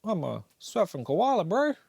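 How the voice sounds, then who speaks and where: A man's voice: high voice, very animated, moderate pace, vocal fry, a little mellow, slight background noise, pitched above the performer's own voice, exaggerated voice. A man voicing a laid-back male koala who talks like a surfer, drawling and slangy.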